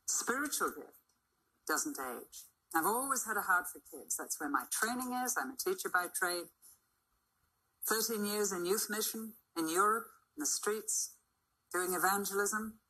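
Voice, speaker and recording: An older woman preaching a sermon to a church, emphatic and dramatic, with sudden swings in pitch and loudness. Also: normal speed, slightly rough, low-quality recording.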